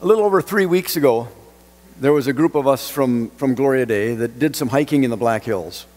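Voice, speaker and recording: A male pastor delivering a sermon, reading scripture and telling a story, with lively swings in delivery. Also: fairly quick. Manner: expressive preaching with dramatic pitch swings on quoted lines. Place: church sanctuary. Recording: church sanctuary with long reverb.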